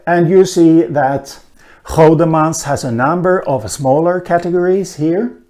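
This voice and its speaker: Slow, halting male lecturer. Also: mid-range voice, dark tone. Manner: slow, hesitant, frequent "uh" fillers, dry asides. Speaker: lecturer on linguistics. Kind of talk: recorded online lecture.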